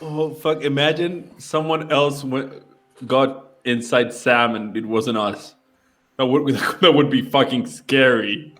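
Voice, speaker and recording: A man's voice: mid-range voice, slow, fairly bright tone. A man chatting casually as a player in a tabletop game, teasing others, laughing often and swearing freely.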